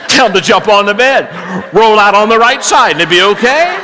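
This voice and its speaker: Brief: male preacher, high and bright, lively storyteller swinging hushed to loud. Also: normal speed, some chatter behind, slight background noise, rough recording. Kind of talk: sermon.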